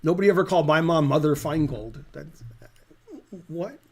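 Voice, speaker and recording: A middle-aged man with a slightly higher-than-usual voice, casually commentating a chess game. He drifts into long, dry, rambling digressions. His delivery is loose, offhand and conversational. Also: normal speed, darkish tone.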